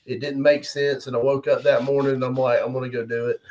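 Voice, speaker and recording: A man's voice: mid-range voice, little pitch movement, fast, darkish tone, low-quality recording. A middle-aged man, a guest arm wrestler, chatting casually and telling stories with easy chuckles and restarts. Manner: laid-back storyteller with frequent chuckles and restarts. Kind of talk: casual podcast chat.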